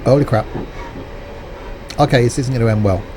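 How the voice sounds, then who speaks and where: A man with a mid-range voice live-streams a train simulator game at a moderate pace over background noise. He chats casually, bantering with and jokingly teasing his viewers.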